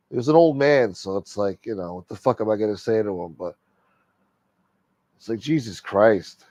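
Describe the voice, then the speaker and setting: Profane, animated man telling a story. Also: on the low side, normal speed, long pauses, no room sound, lo-fi sound. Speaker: host. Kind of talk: casual chat.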